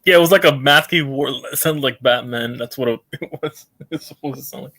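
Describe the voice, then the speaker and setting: A man's voice: medium pitch, fairly quick, pushed and bright. A man chatting casually on a stream, joking and laughing between lines. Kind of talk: casual gaming stream chat.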